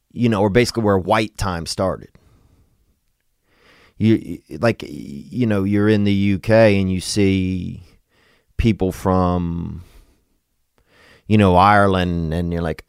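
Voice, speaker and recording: A man from Louisiana with a lowish voice hosts a podcast, delivering a rambling, profane, comedic monologue full of drawling asides. The recording is studio quality with no echo.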